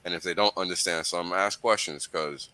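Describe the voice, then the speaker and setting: A man with a very low voice and a bright, forceful edge, talking through crypto ideas in a relaxed chat. He keeps checking in with his listeners as he explains. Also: fairly quick, smooth. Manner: explains with repeated "right?" and "you know". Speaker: host.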